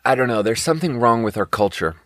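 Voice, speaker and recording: A man's voice: mid-range voice, expressive, fast talker, fairly bright tone, no room sound, studio quality. A young adult man ranting in a casual podcast chat, exasperated and profane, rambling with many fillers. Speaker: podcast host. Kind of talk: casual rant.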